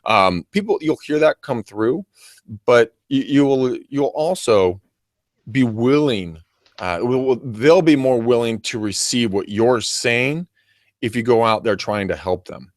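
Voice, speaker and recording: A real estate agent in casual video-call chat, acting out sample phone calls. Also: male voice, mid-range voice, lively intonation, a little slow, no room sound, clean studio sound.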